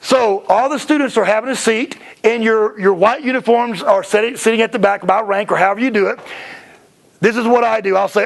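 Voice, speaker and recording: A man giving a chatty seminar talk about running a martial arts school, slipping into quick impressions of kids and parents. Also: high-pitched, creaky.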